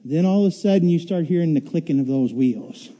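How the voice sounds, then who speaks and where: Animated, bright-voiced man preaching. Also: a little fast. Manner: animated storytelling, acts out riders' shouts and screams; drops to a quiet, low delivery for the sermon point. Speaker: pastor. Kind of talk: sermon.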